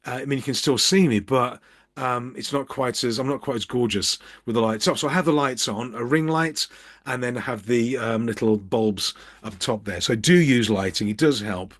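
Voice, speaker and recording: A man's voice: medium pitch, normal speed, a bit bright. Middle-aged man from Birmingham, casual vlog tips, dry self-mocking humor, office recording, talking to camera. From Birmingham, England. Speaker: business coach. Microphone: camera at eye level with ring light.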